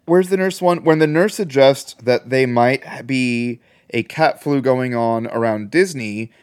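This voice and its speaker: Man, podcast co-host, casual movie chat, rambling, jokey, mid-pitch. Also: a little slow, darkish tone, clean tone.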